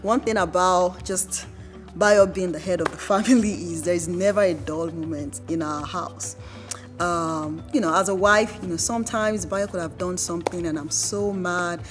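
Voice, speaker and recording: A woman's voice: on the low side, moderate pace, faint music behind. A woman, telling stories about her husband in a documentary interview and acting out the quotes. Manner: lively storytelling, acts out quotes. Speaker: wife.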